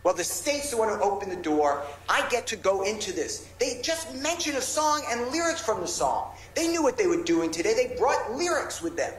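A man's voice: high-pitched, very animated, normal speed, few pauses, roomy sound, a little hiss or hum, poor audio. A male defense lawyer arguing insistently and passionately before a judge in a courtroom. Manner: impassioned, insistent pleading. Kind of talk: courtroom argument. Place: large courtroom.

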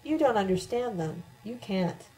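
A woman's voice: mid-range voice, expressive, normal speed, a little mellow, lightly acted, poor audio. A woman voicing a filthy, unkempt male hermit who talks in a vague, otherworldly, musing way, in an audiobook reading. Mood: dreamy.

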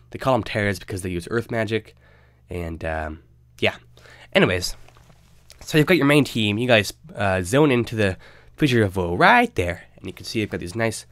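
A man's voice: on the low side, a bit bright, no echo. A young man with a stuffy, nasal voice from a cold, casually narrating a game guide with loose, rambling fillers. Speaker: game guide video host.

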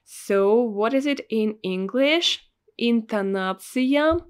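A young woman with a Russian accent teaching a language lesson, patient and repeating each word slowly. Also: fairly high pitch, expressive, clear, resonant tone. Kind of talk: slow, clear language lesson.

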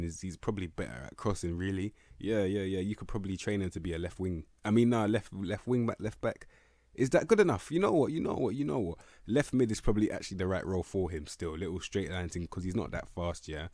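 A young man giving casual, excitable game commentary, rambling in slang, swearing and stumbling over restarts. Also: low-pitched, no echo, clean studio sound. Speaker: gaming video creator.

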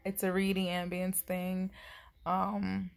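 A woman's voice: fairly low pitch, completely flat delivery, slow pace, gravelly, soft background music. Chatty young woman vlogging about books. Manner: chatty and rambling, with many fillers. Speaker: booktuber vlog host. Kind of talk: casual reading vlog chat.

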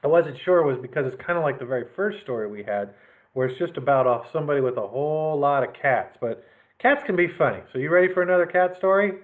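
Role: library story time host. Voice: animated man reading picture books. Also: a little high, fast. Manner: warm, animated reading with friendly asides. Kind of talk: picture book read-aloud for children. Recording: lo-fi phone-like sound.

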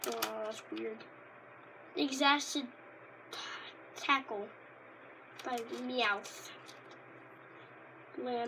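High-voiced chatty woman, noisy room. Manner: rambling, easily delighted, bursts into loud exclamations. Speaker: Pokémon card reviewer. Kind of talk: casual unscripted vlog chat.

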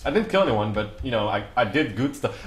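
A man giving casual, excitable commentary over his own gameplay, then a rambling sign-off full of fillers. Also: mid-range voice, fairly quick. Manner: excitable, chants siren-like noises. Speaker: gaming channel host.

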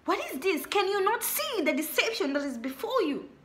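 Young woman preacher, very high and sharp voice, emphatic and repetitive delivery. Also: sing-song, normal speed, a little hiss or hum. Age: young adult. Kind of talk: sermon.

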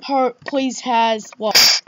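Woman gamer, horror commentary, slow unhurried delivery, loud noise behind the voice. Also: fairly high pitch, steady tone. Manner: jumpy, exclaiming, swearing, frequent 'oh my God'. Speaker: let's play gamer.

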